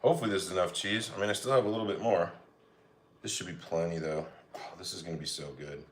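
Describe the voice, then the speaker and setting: With a deep voice and a quick pace, this Colorado man runs a cooking livestream, chatting in an easygoing way as he reads aloud and responds to comments from his chat.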